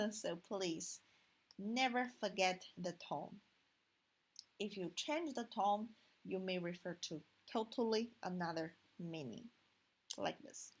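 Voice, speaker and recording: A woman whose first language is Chinese teaches pronunciation at a very slow, deliberate pace. She repeats each sound one by one and stretches the tones. Her voice is husky and breathy. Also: medium pitch.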